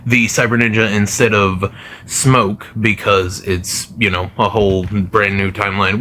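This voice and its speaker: A man's voice: on the low side, flat delivery, normal speed, pushed and bright, slight background noise. A man giving casual gaming commentary to his channel, rambling with many fillers and restarts. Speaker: gaming video creator.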